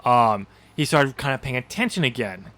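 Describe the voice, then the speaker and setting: A man's voice: medium pitch, expressive, moderate pace, fairly bright tone. A man co-hosting a podcast in casual chat, rambling with lots of ums and easy laughs. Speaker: podcast co-host.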